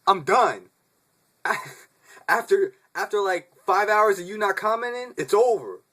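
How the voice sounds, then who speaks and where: A man's voice: high voice, lively intonation, takes it slowly, fairly bright tone. A young man vlogging in a casual, laid-back rant, swearing freely, laughing often and calling the listener dude.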